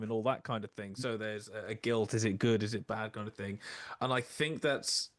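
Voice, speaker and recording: A man's voice: mid-range voice, a little fast, no room sound, studio quality. A man in a casual film discussion, talking at length with many fillers and hedges. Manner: rambling, heavy use of "kind of" and "you know". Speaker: podcast co-host.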